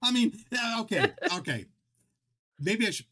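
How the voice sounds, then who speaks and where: A man's voice: high-pitched, sing-song, normal speed, sharp tone, breathy edge. Male streamer host; rambling, jokey, self-mocking casual chat. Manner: rambling, self-deprecating, joking, many restarts.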